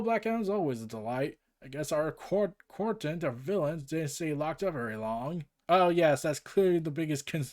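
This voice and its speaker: A man recapping and reading through a comic book, with jokey asides. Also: a little high.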